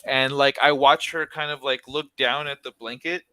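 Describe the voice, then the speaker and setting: A man's voice: medium pitch, steady tone, normal speed, pushed and bright, smooth, no room sound. A young man co-hosting a casual chat, telling a long story in a rambling way full of "like" and restarts, with a casual curse here and there. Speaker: podcast co-host.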